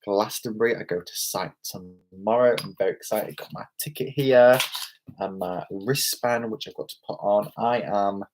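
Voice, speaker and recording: A man's voice: lowish voice, moderate pace, a little mellow, slight background noise. A young British man, tipsy from beer, rambling and exclaiming as he chats on a live stream from a hotel room. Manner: rambling, exclamatory, self-mocking. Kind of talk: casual live-stream chat.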